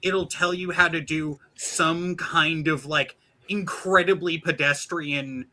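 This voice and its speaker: A man's voice: a little high, fairly even intonation, takes it slowly, pushed and bright, rough recording. A man chatting casually on a stream, stumbling over restarts and slipping into a mock announcer voice to quote books. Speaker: podcast guest.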